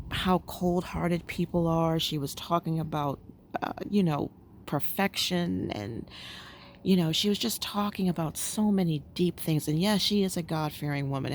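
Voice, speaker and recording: A woman's voice: deep voice, creaky, slight background noise. A woman vlogger sitting outdoors at home, chatting casually and musing with lots of fillers. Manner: rambling, musing, frequent fillers. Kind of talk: casual chat.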